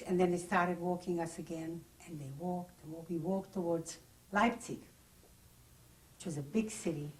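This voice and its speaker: A woman's voice: lowish voice, distant mic, poor audio. An older woman giving oral history testimony, recounting her memories in plain, vivid first-person detail. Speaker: interviewee. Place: private home.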